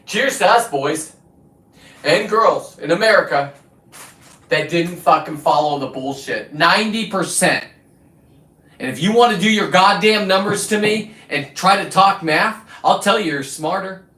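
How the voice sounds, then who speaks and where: His voice sits high, unhurried and sharp-toned as he hosts his own livestream. Ranting profanely, combatively and preachily into a phone, he sounds distant from the mic in an echoey space.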